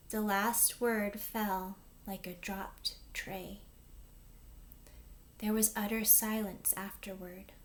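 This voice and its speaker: A woman teacher reading a chapter book aloud to her class in an expressive storytelling manner. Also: mid-range voice, slow pace.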